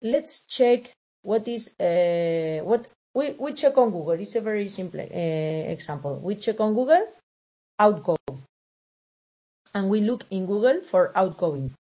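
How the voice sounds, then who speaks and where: Slow, hesitant woman lecturing. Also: medium pitch, animated, warm tone. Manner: hesitant, many fillers and self-corrections. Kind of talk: recorded lecture over slides.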